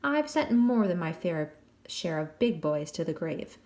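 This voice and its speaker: A woman's voice: on the low side, very animated, unhurried, darkish tone. A woman voicing a cocky young English man locked in a jail cell, boastful and swaggering.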